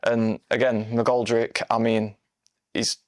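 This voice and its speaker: A man's voice: medium pitch, flat delivery, takes it slowly, no room sound, studio quality. A man, co-hosting a casual football podcast, talking bluntly and laughing often. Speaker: podcast co-host.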